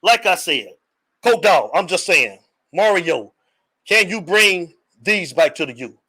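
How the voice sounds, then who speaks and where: Brief: male live-stream sports host, high, bright and pumped up, slangy and calling out to his audience. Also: measured pace, husky, rough recording. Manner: energetic hype man, calls out viewers, slangy. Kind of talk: hyped casual live-stream talk.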